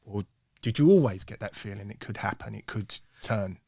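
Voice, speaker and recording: A man hosting a podcast, asking halting questions and repeating words while he works them out. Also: lowish voice, gravelly, mellow, no echo, studio quality. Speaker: podcast host. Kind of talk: interview questions.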